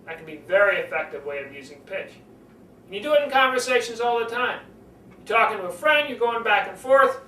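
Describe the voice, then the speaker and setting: An older man coaching public speaking, lively and animated, swinging his voice up and down to demonstrate. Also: brisk. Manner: animated, demonstrates pitch swings, acts out conversations. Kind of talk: speaking lesson to camera. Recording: roomy, from a distance, faint noise.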